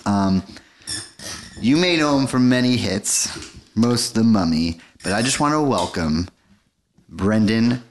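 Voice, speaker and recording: A man's voice: fairly low pitch, lively intonation, takes it slowly, long pauses, a little hiss or hum. A man co-hosting a comedic movie review podcast in a playful, upbeat way. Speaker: podcast co-host.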